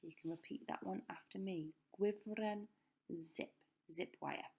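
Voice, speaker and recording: A woman teaching a recorded language lesson, saying each word slowly and clearly for pupils to repeat. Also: mid-range voice, mellow. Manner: slow, careful pronunciation drills. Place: school.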